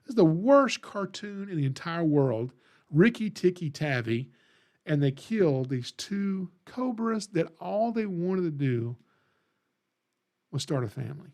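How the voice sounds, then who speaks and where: A man hosting a podcast, telling a story in a rambling, animated way and reading out live chat comments. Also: a little high, unhurried. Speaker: podcast host. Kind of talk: casual livestream podcast chat.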